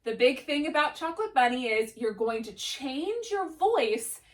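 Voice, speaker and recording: A woman's voice: high voice, very animated, unhurried. A young adult woman teaching a drama lesson to children, enthusiastic and encouraging. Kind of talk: upbeat classroom lesson.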